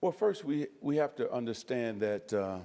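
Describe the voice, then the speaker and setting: A man's voice: mid-range voice, very animated, moderate pace, dark tone. A man answering questions as a guest on stage in front of an audience, chatty, laughing often and using lots of fillers. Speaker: guest speaker. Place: stage before a live audience.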